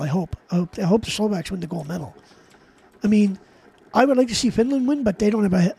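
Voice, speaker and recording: A high-pitched man with a husky, mellow tone, clearly recorded at a dry desk mic. He streams live and rants heatedly to his chat, swearing freely and restarting his sentences as he goes. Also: no echo. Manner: profane, heated ranting; rambling with frequent restarts. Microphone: desk mic while gaming.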